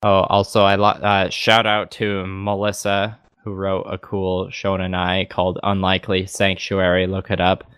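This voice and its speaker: Laid-back man, deep voice, dry close sound, rambly podcast chatter. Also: moderate pace, hardly any pauses, smooth, no room sound. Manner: relaxed, rambling, laughs often. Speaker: podcast co-host. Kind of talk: casual chat.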